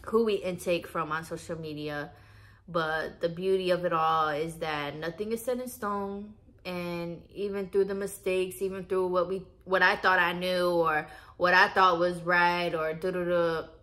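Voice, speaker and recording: Young woman vlogger, bright tone, animated and candid, speaks to her audience directly. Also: lowish voice, a little slow. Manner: animated, swears and laughs often, talks to viewers as y'all. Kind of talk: casual spiritual vlog talk.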